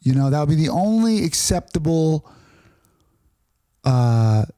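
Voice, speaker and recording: A man's voice: fairly high pitch, big pitch swings, a little slow, mellow, dry recording, studio quality. A man co-hosting a casual comedy podcast, joking around and slipping into mock accents. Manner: jokey, slips into mock accents.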